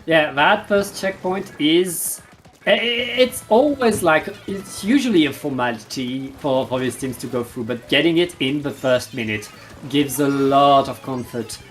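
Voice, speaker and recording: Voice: mid-range voice, measured pace, faint music behind. An esports co-caster giving color commentary, speaking hesitantly with frequent fillers and restarts.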